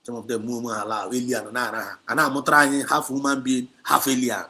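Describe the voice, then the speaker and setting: A man's voice: mid-range voice, little pitch movement, fast, sharp tone. A man with a Nigerian Igbo accent, hosting a livestream talk, preaching emphatically and scolding, with lots of repetition. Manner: switches between Igbo and English, repetitive and emphatic; exhorting and scolding. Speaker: activist livestream host.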